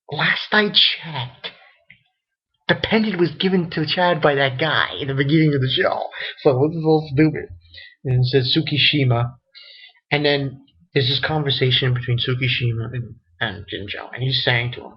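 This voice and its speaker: A man's voice: mid-range voice, normal speed, husky. A young man giving a casual, rambling spoken review of a manga chapter, cursing and laughing as he goes. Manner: rambling, profane, reads quotes aloud with laughs. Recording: dull lo-fi home recording.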